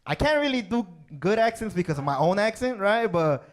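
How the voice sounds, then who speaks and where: A man's voice: sits high, big pitch swings, fairly quick. A male stand-up comedian from Chicago, telling stories on a club stage and tagging his lines with "right?" and "man". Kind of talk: stand-up set.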